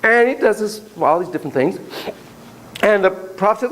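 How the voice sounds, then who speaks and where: Lecturer, male, middle-aged, lively pitch, slightly high voice, digressive storyteller, light room hiss. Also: moderate pace, rough recording. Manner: animated, digressive, talks in asides. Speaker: psychotherapy lecturer. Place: classroom.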